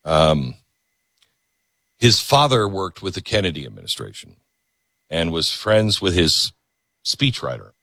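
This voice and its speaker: A male talk radio host with a bright, forward voice that swings widely in pitch as he rants. He mocks and needles his listeners with sarcastic asides, pushing up into mock-shouting. The sound is dry and close on a studio mic. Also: very animated, unhurried, long pauses, no echo. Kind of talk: opinionated talk radio monologue.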